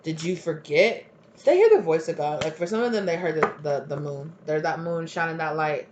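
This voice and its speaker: A woman giving a casual tarot reading, chatty and emphatic, with lots of fillers and quick laughs. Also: low-pitched, expressive, darkish tone, dull audio, a little hiss or hum. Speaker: tarot reader.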